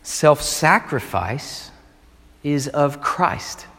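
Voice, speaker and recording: A male pastor preaching a sermon, retelling a story with animated, emphatic delivery. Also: fairly high pitch, drawn-out words, vocal fry, long reverb tail.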